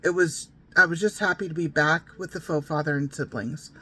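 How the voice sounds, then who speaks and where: A woman's voice: low voice, brisk, pushed and bright, slightly rough. A woman reading her memoir aloud in a casual, unpolished way. She keeps breaking off into wry, digressive asides to her listeners before picking the thread back up. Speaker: memoir narrator.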